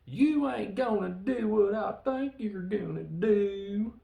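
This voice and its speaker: A man voicing a loud, brash, rude redneck who whoops and hollers, in a roomy room. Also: sits high, slow pace, gravelly, pitched above the performer's own voice, full character voice. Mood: hollering. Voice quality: whooping, shouting.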